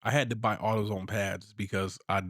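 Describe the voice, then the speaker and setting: Man, thirties, relaxed storytelling, frequent laughs, dry close sound. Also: fairly low pitch, fairly quick, dry recording. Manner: laid-back storytelling, laughs often. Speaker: podcast co-host. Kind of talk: casual chat.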